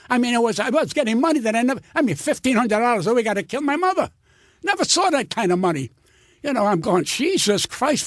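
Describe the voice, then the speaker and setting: A high, gravelly older man tells profane stories with real heat as a guest in an interview. His pitch leaps about animatedly, and the sound is dry and close. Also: dry recording. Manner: blunt, profane, heated storyteller. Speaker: guest comedian. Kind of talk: storytelling interview.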